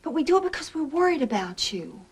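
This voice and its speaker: A warm, worried Southern woman, high-pitched, old TV tape. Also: very animated, fast talker. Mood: insistent. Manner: warm, insistent. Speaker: best friend in a soap opera. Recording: old TV tape with faint hiss.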